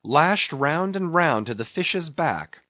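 A man narrating an audiobook in a measured, even voice of middling pitch. The recording is close and dry, with a slightly dull top end. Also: no echo. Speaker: audiobook reader. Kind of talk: scripted narration of a classic novel.

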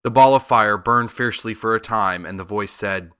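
A man narrating a children's storybook as an audiobook, in a steady, even storytelling manner. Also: lowish voice, normal speed, few pauses, clear, resonant tone, no room sound, studio quality.

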